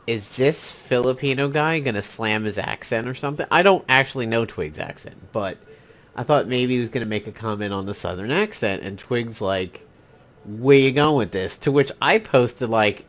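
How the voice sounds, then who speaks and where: A man from New York giving casual, rambling commentary while playing a mobile game, with many fillers and asides. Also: medium pitch.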